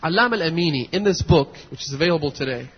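A male preacher delivering a sermon, moving between hushed storytelling and impassioned near-shouting, with a husky voice. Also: on the high side, lively intonation, rapid-fire. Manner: impassioned, builds to near shouts and weeping intensity. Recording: dull lo-fi audio in a long-reverb hall.

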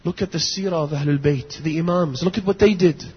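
A male preacher delivering a sermon, moving between hushed storytelling and impassioned near-shouting, with a husky voice. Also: on the high side, fairly quick. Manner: impassioned, builds to near shouts and weeping intensity. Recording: dull lo-fi audio in a long-reverb hall.

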